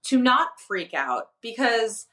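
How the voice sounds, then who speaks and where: A woman in her thirties co-hosting a casual chat, with a bright, forward voice. She speaks openly and earnestly, often chiming in with an agreeing "yeah". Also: fairly high pitch, sing-song, takes it slowly. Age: 30s. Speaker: guest co-host.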